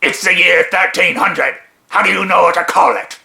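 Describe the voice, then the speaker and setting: A man's voice: high-pitched, moderate pace, creaky, sharp tone, echoey room, voice pushed up, full character voice. A man voicing a nitpicking skeleton soldier who questions everything. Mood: puzzled. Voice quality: petulant, questioning.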